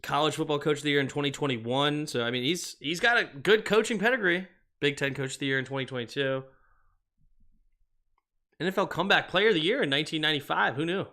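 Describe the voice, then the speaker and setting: Guy doing live play-by-play on his stream, kinda high voice, bright and sharp. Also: fast. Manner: reads viewer comments aloud and answers them; calls plays in short clipped phrases. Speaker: livestream sports host. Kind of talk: live play-by-play and chat reading.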